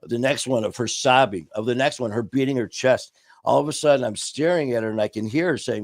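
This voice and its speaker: Man, podcast co-host, earnest storyteller, medium-low pitch, dry sound. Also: a little fast, vocal fry, dry recording. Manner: earnest, storytelling, drops quiet on painful moments. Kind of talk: casual recovery talk.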